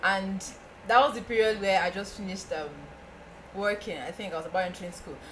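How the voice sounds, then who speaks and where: A young woman with a Nigerian accent, a podcast guest telling a story in casual chat, animated and often laughing. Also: a little fast, slight background noise. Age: young adult. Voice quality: laughing, animated, breaks into high squeals.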